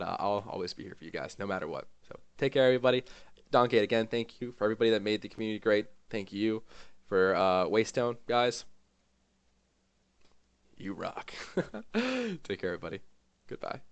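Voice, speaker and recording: With a low-pitched voice and no echo in the recording, a man who streams says an emotional goodbye to his gaming community in a heartfelt vlog. His farewell rambles, with plenty of fillers and pauses.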